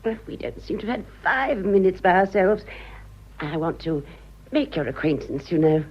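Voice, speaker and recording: A woman's voice: on the low side, expressive, normal speed, slightly rough. A gushing, whimsical society lady. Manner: gushing, chatty, upper-class British. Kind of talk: radio drama acting. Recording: dull lo-fi radio drama.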